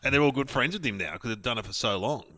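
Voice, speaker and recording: A man's voice: mid-range voice, expressive, quick pace, pushed and bright, no room sound. An Australian man, a podcast co-host chatting casually and telling anecdotes. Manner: chatty, swift anecdotes with name-dropping asides. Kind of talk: casual chat.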